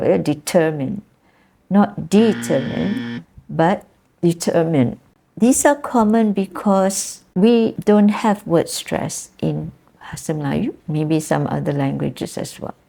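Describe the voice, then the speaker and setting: Malaysian English woman lecturer, unhurried and patient, mellow low voice, keeps checking students follow. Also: gravelly. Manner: patient, repeats examples, checks understanding with tag questions. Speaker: university lecturer. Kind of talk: classroom lecture.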